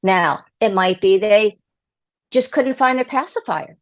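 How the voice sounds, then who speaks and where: A woman's voice: mid-range voice, lively intonation, unhurried. Emphatic woman giving parenting advice. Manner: emphatic, coaching tone addressing mothers directly. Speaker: guest parenting and PR expert. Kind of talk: advice-giving interview talk.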